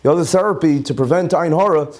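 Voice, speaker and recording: A man who is a rabbi, teaching a Talmud class and explaining each term twice, with Hebrew and Yiddish words mixed in and lively rhetorical questions. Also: fairly high pitch, fast.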